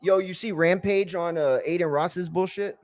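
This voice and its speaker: A man's voice: high voice, fairly even intonation, normal speed, a little mellow, no room sound. Slangy, rambling male stream host. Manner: rambling storyteller, slangy, says "bro" a lot. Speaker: livestream watch-along host. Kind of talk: casual live-stream chat.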